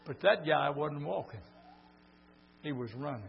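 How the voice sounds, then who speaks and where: An older man preaching a sermon, telling folksy stories and swinging from quiet talk to shouts. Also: on the high side, lively intonation, measured pace, gravelly. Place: church meeting. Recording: dull lo-fi recording with mains hum.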